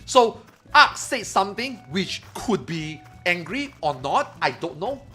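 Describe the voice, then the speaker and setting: A man streaming, telling a story to his chat in a casual, animated way, swearing freely and acting out his friends' lines. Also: sits high, measured pace, soft background music.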